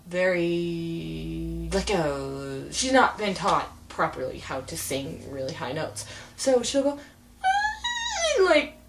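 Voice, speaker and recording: A young woman rants to her webcam in a casual, sarcastic way. Her pitch swings widely as she jumps into mocking impressions, over a faint hiss of room noise. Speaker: vlogger. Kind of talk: casual rant to camera.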